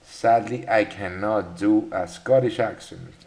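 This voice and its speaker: A man with a lowish, darkish voice hosts a live trading webinar at a measured pace. He chats casually and greets viewers by name, with many fillers and restarts.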